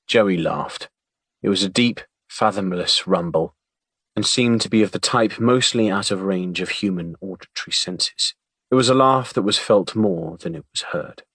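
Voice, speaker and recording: A man narrating an audiobook in a measured, wry storytelling manner. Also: deep voice, fairly bright tone, husky, dry recording.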